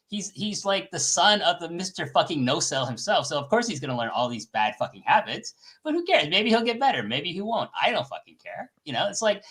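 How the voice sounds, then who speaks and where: A man's voice: on the high side, pushed and bright. A man speaking as a guest in a casual podcast chat, blunt and sweary and full of energy.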